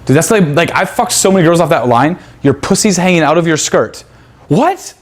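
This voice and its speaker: A man's voice: fairly high pitch, brisk. A man teaching a seminar class in a crude, profane manner. He quizzes his students and acts out pickup lines. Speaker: seminar instructor.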